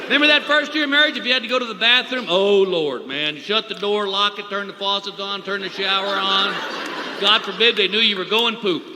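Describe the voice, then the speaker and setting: A man's voice: high voice, brisk. A middle-aged man doing a folksy stand-up routine on a live stage, acting out his wife and himself. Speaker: stand-up comedian. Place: live comedy venue with audience. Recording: echoey hall with loud crowd noise. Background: audience laughter.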